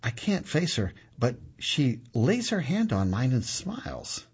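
A man narrating a gritty first-person story in an expressive way, moving from punchy to hushed, on a dull lo-fi recording. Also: mid-range voice, a little slow, breathy edge.

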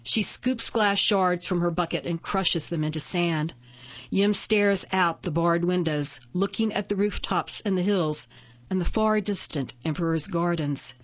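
A woman narrating a fantasy story in a steady, measured reading. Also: fairly low pitch, muffled recording. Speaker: audiobook narrator. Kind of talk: scripted narration.

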